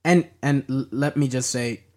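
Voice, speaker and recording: A man's voice: mid-range voice, normal speed. A man co-hosting a casual gaming podcast, asking questions and pushing back on his partner. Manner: conversational, asks questions and pushes back. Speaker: podcast co-host.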